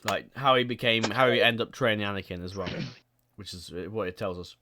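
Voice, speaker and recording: A man's voice: lowish voice, a little fast, sharp tone, no room sound, studio quality. A man hosting a casual podcast chat, rambling and laughing often, swearing casually. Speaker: podcast host.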